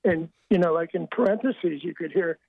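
An older man, a sportswriter guest, telling wry anecdotes in a halting way with many restarts. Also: a little high, gravelly, slightly rough. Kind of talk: storytelling interview. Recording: tinny dry phone line.

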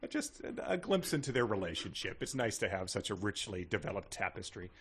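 A man's voice: lowish voice, sing-song, brisk, fairly bright tone, husky. A man co-hosting a podcast, making dry, wry remarks in casual comic chat. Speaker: podcast co-host.

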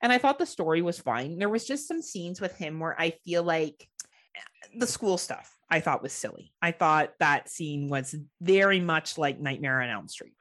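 A woman's voice: sits low, expressive, normal speed, a bit bright. A woman from Ontario, Canada hosting a horror podcast, chatting casually, laughing often and swearing freely. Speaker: podcast host. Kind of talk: casual chat.

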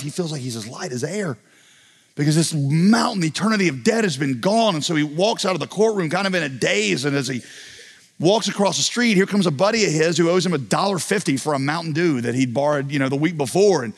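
A man preaching a sermon as a pastor, telling a parable with animated storytelling and acting out the voices of its people. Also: fairly high pitch, fairly quick, gravelly, slightly rough, in a large hall.

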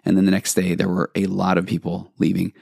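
A male podcast host with a fairly low voice tells a personal story in a reflective way. He wanders and restarts his sentences as he goes. The sound is dry and close, with no room echo. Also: monotone, brisk, vocal fry, a little mellow, slightly rough. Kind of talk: storytelling monologue.

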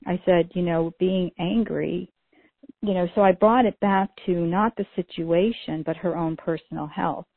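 A woman's voice: on the low side, fairly even intonation, normal speed, gravelly, dry recording. A middle-aged woman co-hosting a podcast, telling stories in a chatty way with lots of "you know" fillers. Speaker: podcast co-host. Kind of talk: casual podcast conversation. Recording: dry, phone-like narrow sound.

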